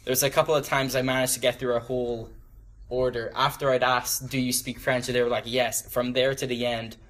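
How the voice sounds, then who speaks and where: A young man in his twenties gives a casual, rambling talk to a small church youth group. His mid-range, fairly bright voice is flat and a little fast, full of ums and restarts, and he laughs self-deprecatingly at his own stories.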